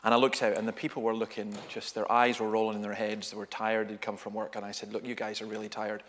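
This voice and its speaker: A man's voice: fairly low pitch, monotone, fast, fairly bright tone, a little hiss or hum. A man with a Scottish accent giving an informal teaching talk at a church, telling stories with humor and often correcting himself mid-sentence. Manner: conversational, humorous, self-correcting storyteller. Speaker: guest speaker.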